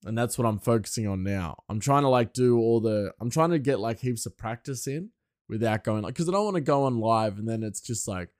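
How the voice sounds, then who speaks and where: A man's voice: medium pitch, brisk, dry recording. Young man, rambling solo podcast chat, dry close sound, laughs often.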